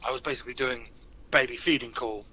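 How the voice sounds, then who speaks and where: A man's voice: mid-range voice, fast, breathy edge. A British man chatting casually as a player at a tabletop game, telling jokey stories. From Britain. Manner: animated storyteller, jokey.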